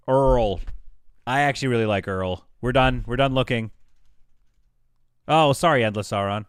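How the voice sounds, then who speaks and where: A man livestreaming a game, chatting casually with his audience, animated and quick to laugh. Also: medium pitch, smooth, no echo, studio quality. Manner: chatty, talks to chat. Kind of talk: casual live game commentary.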